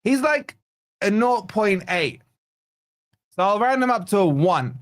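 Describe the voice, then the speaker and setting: A man's voice: sits high, expressive, a little slow, dry recording. A man hosting a fan reaction livestream, exasperated and sarcastic as he rambles through player ratings. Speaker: fan channel host. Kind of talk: post-match reaction livestream.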